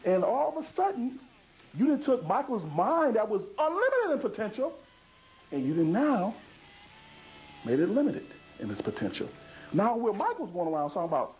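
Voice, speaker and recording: A man's voice: high-pitched, huge pitch swings, moderate pace, darkish tone. A man giving a public lecture in an emphatic, repetitive way, asking rhetorical questions and answering them himself. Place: lecture hall. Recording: dull lo-fi 2000s video recording.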